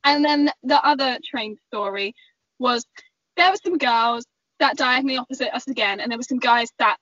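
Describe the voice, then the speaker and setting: A young woman, chatting on a podcast and acting out an animated story with lots of giggles. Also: sits high, normal speed, dry recording. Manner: animated, giggly, acts out quoted voices. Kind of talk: casual storytelling chat. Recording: slightly muffled, dry sound.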